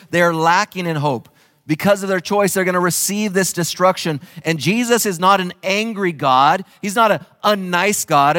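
A male pastor preaching a sermon in an earnest, impassioned way with emphatic repetition. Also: on the high side. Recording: echoey hall.

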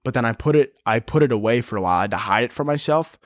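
Young dude ranting solo on his podcast, sarcastic, swears a ton, mid pitch, dead dry mic. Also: animated, rapid-fire, dry recording. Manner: rambling, sarcastic, swears a lot; swings into squeaky mocking voices for bits. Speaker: podcast host. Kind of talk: solo comedy podcast rant.

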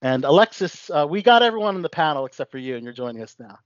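Male radio host, slightly high voice, dry lo-fi sound, rambling delivery. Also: sing-song, quick pace, no room sound. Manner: rambling, filler-heavy. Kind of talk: casual radio chat.

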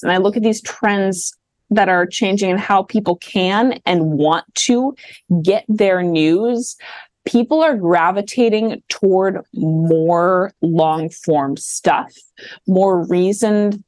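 A woman's voice: mid-range voice, slow, a little mellow, dry recording. A woman speaking as a podcast guest in casual chat, thoughtful and academic in how she talks.

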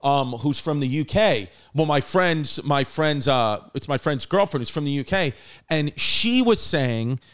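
A podcast host in his thirties chats loosely, swearing plenty and laughing as he tells stories. His voice sits on the high side, animated, at a measured pace.

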